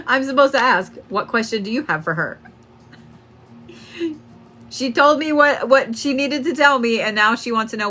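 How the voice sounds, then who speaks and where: A woman's voice: fairly high pitch, lively intonation, measured pace, pauses often, bright, forceful tone. A young woman giving a casual psychic reading, laughing often and swearing freely. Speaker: psychic medium. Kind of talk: live-stream reading.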